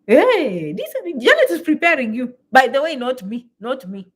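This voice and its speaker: A woman, telling stories to her viewers in a lively, exclamatory way and repeating phrases for emphasis. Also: high-pitched, moderate pace, slightly rough. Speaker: vlogger. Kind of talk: animated storytelling to camera.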